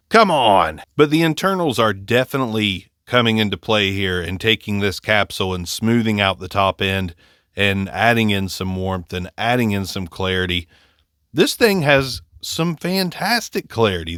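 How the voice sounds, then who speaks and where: His voice sits on the low side with a fairly bright tone, captured dry and close on a condenser mic. He's an Ohio man with an Appalachian accent, slightly nasal and congested from allergies, reviewing a microphone. The casual review is chatty, full of jokes, and self-deprecating.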